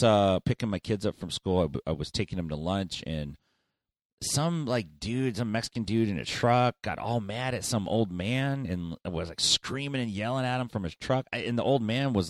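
A man's voice: fairly low pitch, animated, normal speed, dry recording. A middle-aged man co-hosting a podcast, chatting casually and telling stories with plenty of swearing. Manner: profane, storytelling, chatty. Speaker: podcast co-host. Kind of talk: casual chat.

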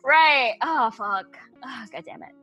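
A woman's voice: on the high side, expressive, slow pace, breathy edge, muffled recording, faint music behind. A woman in casual chat who giggles often, swears freely and keeps guessing in a playful way.

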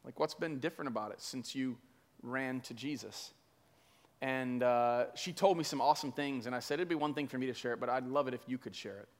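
A man's voice: medium pitch, a little fast. A man preaching as a pastor, telling a story conversationally with many fillers. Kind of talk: sermon storytelling. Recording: long hall reverb.

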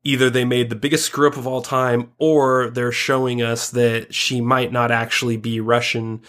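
A man co-hosting a podcast in casual chat, joking crudely and getting animated when he makes a point. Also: mid-range voice, moderate pace. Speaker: podcast co-host.

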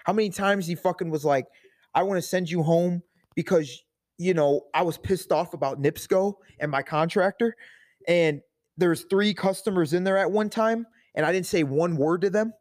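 A man from Indiana, a podcast guest who owns a nutrition shop, telling stories in profane, animated casual chat. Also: sits high, normal speed. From Indiana, USA.

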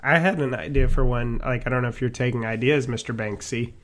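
A man's voice: mid-range voice, fairly even intonation, brisk, fairly bright tone, slight background noise. A young man co-hosting a comedy podcast, rambling and hesitant as he jokes. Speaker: podcast co-host. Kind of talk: casual comedic podcast banter.

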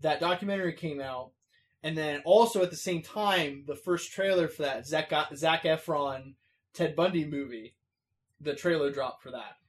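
A man's voice: a little high, normal speed. A man chatting casually, rambling through stories with frequent laughter. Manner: rambling, laughs often, quotes cartoon lines. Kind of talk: casual podcast chat.

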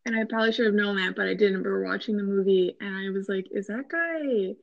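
A young woman with a Minnesotan accent chatting casually as a podcast co-host, full of fillers and quick laughs. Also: medium pitch, little pitch movement, gravelly, no room sound, dull audio. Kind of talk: casual chat.

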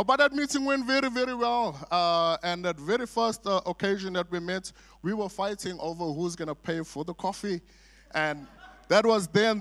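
A middle-aged man, guest preaching in a church sanctuary, delivers a sermon in a voice on the high side with a fairly bright tone. His manner is chatty storytelling, full of jokey asides and many "uh" fillers.

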